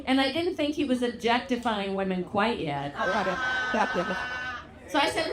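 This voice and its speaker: A woman's voice: high-pitched, lively intonation, measured pace. Brash Southern woman doing stand-up. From Louisiana. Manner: brash, bawdy storytelling, big acted-out quotes. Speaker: stand-up comedian. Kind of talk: stand-up comedy set. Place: theatre stage with live audience. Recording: roomy theatre with crowd noise.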